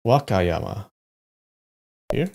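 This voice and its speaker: A man's voice: fairly low pitch, very animated, drawn-out words, vocal fry, darkish tone, slight background noise. A man streaming live, muttering place names to himself as he plays a map quiz, with sudden frustrated outbursts and the odd swear. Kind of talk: casual live-stream commentary while playing a map quiz.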